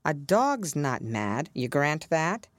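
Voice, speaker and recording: A sly, riddling storybook cat, as a woman reading aloud puts it on, drawling its words slowly and teasingly. The voice sits low, yet it swoops lively up and down. It sounds close and dry. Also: dry recording, exaggerated voice.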